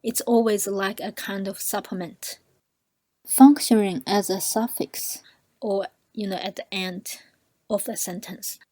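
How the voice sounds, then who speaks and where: A woman's voice: mid-range voice, fairly even intonation, measured pace, mellow, no room sound. A woman teaching an online language lesson, patiently repeating example words for learners to copy.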